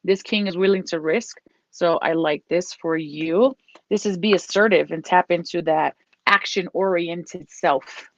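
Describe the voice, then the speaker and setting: Woman doing a chatty tarot reading, repeats stuff, lowish voice, dull lo-fi audio. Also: measured pace, dry recording. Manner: repetitive, encouraging, breaks off to scold her dog. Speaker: tarot reader. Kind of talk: casual tarot card reading. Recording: dull lo-fi dry recording.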